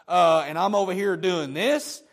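A man's voice: high-pitched, moderate pace, lightly acted. A man preaching, acting out a devoted male servant of old with folksy emphasis. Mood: grumbling.

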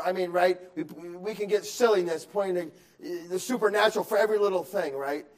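A male pastor preaching a sermon, moving between quiet musing and loud, emphatic exhortation, with repeated words and restarts. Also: high-pitched, fairly quick, few pauses. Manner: acts out excuses in quoted voices.

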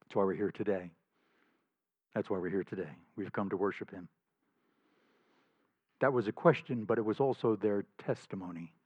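A male pastor preaching a sermon in an emphatic, animated way, often chuckling between points. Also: on the low side, moderate pace, pauses often, slightly rough, dry recording. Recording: slightly dull dry recording.

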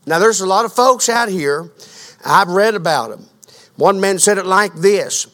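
A man preaching a sermon as pastor, asking the congregation questions and building to a fervent, loud delivery. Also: high voice, expressive, measured pace. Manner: grows louder and more fervent.

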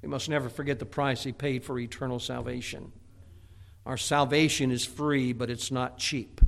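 A man's voice: medium pitch, flat delivery, normal speed, gravelly, a bit bright. A middle-aged man preaching a sermon in a folksy way, often restarting with stammered repeats. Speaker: pastor.

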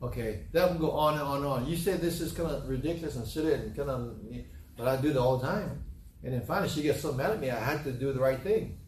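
A man's voice: medium pitch, fast, darkish tone, slight background noise. A middle-aged man preaching a sermon as pastor, telling homely stories with a folksy, repetitive manner. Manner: folksy storytelling, repeats himself. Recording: roomy, from a distant mic, faint ambience.

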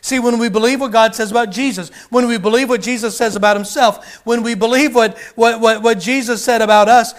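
A man's voice: very high voice, fairly even intonation, fairly quick, hardly any pauses. A man preaching a sermon, driving his points with emphatic repetition and rhetorical questions.

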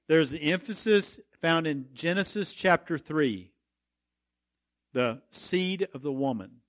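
A man teaching a Bible study lesson, reading scripture slowly and emphatically and then explaining it in plain talk. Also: high-pitched.

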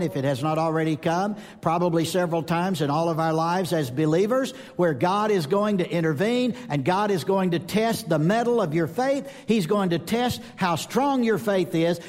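A man preaching a sermon to a live congregation, telling lively stories and acting out the voices of the people in them. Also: high voice. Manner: animated storytelling, acts out voices in anecdotes. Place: church or conference hall. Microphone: speaking to a live audience. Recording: long reverb of a large hall.

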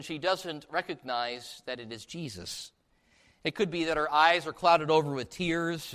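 Animated male preacher in a reverberant church. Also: mid-range voice. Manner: animated storytelling, acting out quoted voices. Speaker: pastor. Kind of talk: sermon. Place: church sanctuary. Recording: long hall reverb.

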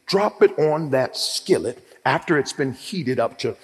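Male preacher, lively pitch swings, humorous, animated, slightly high voice, echoey hall. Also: a little slow. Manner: animated, humorous, calls for amens. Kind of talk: sermon. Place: church hall.

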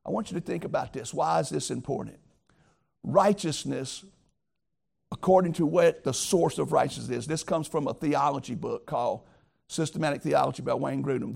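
A man's voice: on the high side, gravelly, darkish tone, slightly rough. A man preaching a sermon as pastor, earnest and emphatic, talking straight to his listeners.

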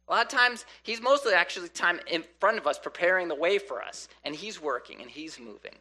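Animated man preaching, bright voice. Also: high-pitched, a little fast. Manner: animated, acts out voices of people praying. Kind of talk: sermon.

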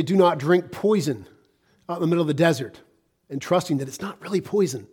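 A middle-aged American man preaching a sermon, swinging between loud emphasis and hushed, quiet passages. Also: fairly high pitch, a little fast, husky. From United States. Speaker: pastor.

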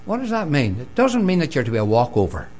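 Older man, Northern Irish accent, preaching a sermon, emphatic, fairly high voice. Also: wildly swooping pitch, quick pace. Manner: emphatic, swinging between loud and quiet.

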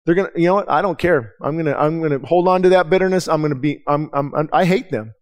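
Pastor guy preaching at church, bit of a high voice, talks real candid, repeats himself, keeps asking the crowd stuff. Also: quick pace. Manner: candid, emphatic, repeats words and restarts often; asks the congregation direct questions. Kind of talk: conversational sermon. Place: church service.

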